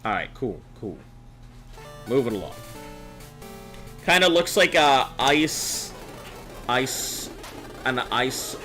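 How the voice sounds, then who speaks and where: A man's voice: medium pitch, big pitch swings, slow pace, long pauses, sharp tone, soft background music. A man streaming live, chatting casually with viewers, reading chat messages aloud and joking as he goes.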